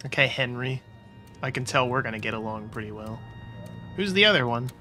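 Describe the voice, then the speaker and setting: A man's voice: mid-range voice, animated, fairly quick, bright, forceful tone. A man doing casual let's-play commentary, making sarcastic, joking asides as he plays. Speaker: gaming YouTuber. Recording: game audio with music behind.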